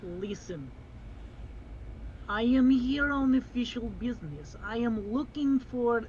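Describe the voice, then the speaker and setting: Casting: player as hulking bear protector, broken English, slow and solemn, dull lo-fi mic with faint hiss. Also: mid-range voice, lively intonation, a little mellow, voice pushed up. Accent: put-on foreign broken English. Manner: slow, solemn, dropping articles. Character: big clumsy bear warrior, earnest protector.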